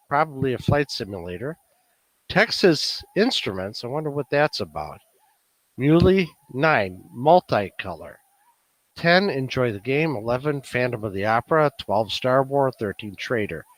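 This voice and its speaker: A man's voice: mid-range voice, sing-song, unhurried, a bit bright, no room sound. Rambling Chicago man with a dry sound. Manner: musing aloud, many "uh" fillers. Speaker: meeting presenter. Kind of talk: casual demonstration talk.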